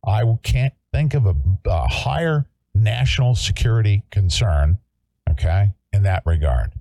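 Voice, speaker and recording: A man's voice: fairly low pitch, expressive, measured pace, gravelly, warm tone, no room sound. A man hosting a political talk show, speaking emphatically and repeating himself to rally his listeners.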